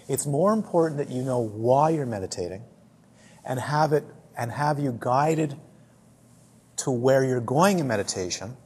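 A man's voice: mid-range voice, a little mellow, breathy edge. A man who teaches dharma, giving a talk to a group in a chatty storytelling way, often repeating and restarting his words.

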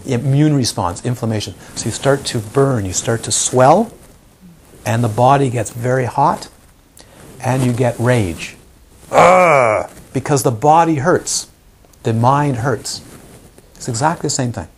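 A meditation teacher gives a live talk to a group, frequently posing questions to the audience and acting out examples. His voice is medium-pitched and a little mellow, with slight background noise.

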